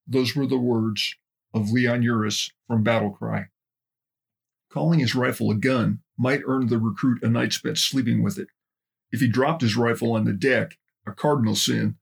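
A man narrating a documentary in a steady, measured way. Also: mid-range voice, vocal fry, slightly rough. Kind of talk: documentary narration with book readings.

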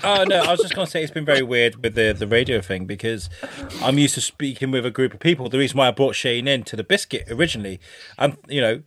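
A man's voice: mid-range voice, animated, quick pace, a bit bright, a little hiss or hum. A man who hosts a podcast and a radio show, chatting casually and rambling a bit with swearing. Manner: rambling, sweary, mimics presenter voices. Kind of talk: casual chat.

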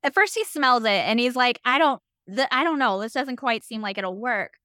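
Bright-voiced woman chiming in agreeably. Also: fairly high pitch, lively intonation, normal speed, clean tone, no room sound, studio quality. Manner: agreeable, frequent short affirmations. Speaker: podcast co-host. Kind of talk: casual book recap chat.

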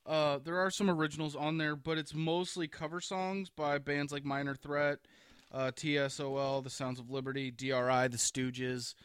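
A man's voice: fairly high pitch, little pitch movement, normal speed, fairly bright tone, clean tone, no echo, clean studio sound. A man co-hosting a casual podcast about metal albums, rambling and restarting his sentences. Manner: rambling, restarts often, loose and profane. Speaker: podcast co-host.

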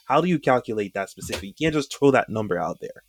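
A young man co-hosting a casual podcast chat, measured and reacting with short comments. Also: on the low side, sing-song, slight background noise. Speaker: podcast co-host.

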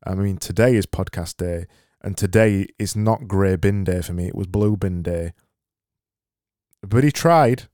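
Speaking into a studio mic with a mixer, a Yorkshire-accented podcast host works through listener messages on his casual solo show, dry, sarcastic and prone to rambling. His voice is low and dark, his pace measured, with no echo and faint music behind him.

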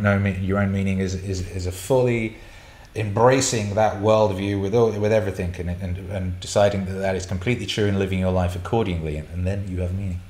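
A middle-aged man hosting a casual livestream Q&A, blunt and sweary as he rants and answers chat questions. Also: low-pitched. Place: indoor room. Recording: roomy echo.

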